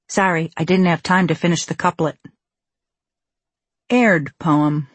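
A woman narrating her own memoir as an audiobook, with a wry, measured delivery on a close microphone. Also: sits low, steady tone, husky, dry recording.

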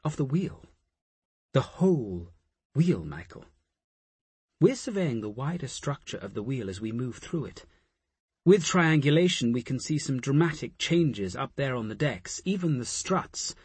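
A man's voice: mid-range voice, very animated, unhurried, darkish tone, breathy edge, dry recording. A man voicing a hesitant, earnest woman scientist in an audiobook, speaking in a musing way.

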